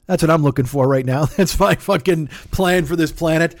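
A man's voice: fairly high pitch, moderate pace, no room sound, studio quality. A man hosting a comedy podcast, ranting in a profane, sarcastic and rambling way. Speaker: podcast host.

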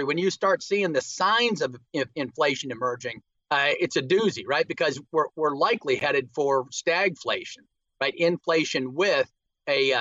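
A man commenting as a guest, hesitant and full of fillers. His voice is bright and a little high, on a dry, dull line. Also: no echo. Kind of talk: talk show commentary.

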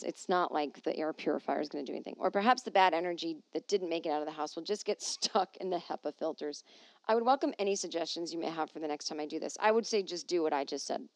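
A woman's voice: low-pitched, dry recording. A woman hosting a podcast from home, chatting casually and reading an article aloud with wry, jokey asides. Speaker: podcast host.

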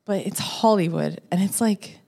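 A woman guest on a podcast, telling a story in a casual, animated way and acting out her own lines. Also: moderate pace, gravelly. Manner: animated, acts out her own quotes with rising pitch.

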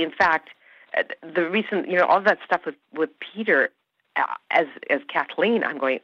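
An actress guest with a low-pitched voice discusses her acting work in an interview at a moderate pace. She's animated and emphatic, often restarting her sentences, and the lo-fi recording sounds dull, with no echo.

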